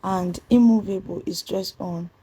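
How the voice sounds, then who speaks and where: A woman, teaching a pronunciation lesson and spelling out letters as she repeats each rule slowly. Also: mid-range voice, warm tone, slight background noise, low-quality recording. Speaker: English teacher.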